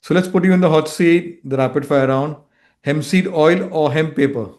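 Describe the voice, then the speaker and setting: A man hosting an interview show, asking brisk quick-fire questions and closing with a scripted sign-off. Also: fairly high pitch, darkish tone. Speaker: show host.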